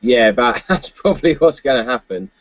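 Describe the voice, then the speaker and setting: A man's voice: medium pitch, animated, moderate pace, no echo, lo-fi sound. A man co-hosting a casual political chat podcast, talking loosely with frequent fillers and laughs. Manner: chatty, laughs often, many fillers. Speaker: podcast co-host.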